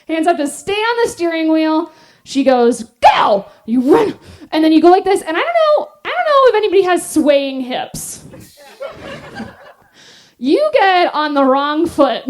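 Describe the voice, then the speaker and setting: A woman stand-up comedian telling a story on stage, animated and self-deprecating, laughing often. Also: high voice. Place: live stage.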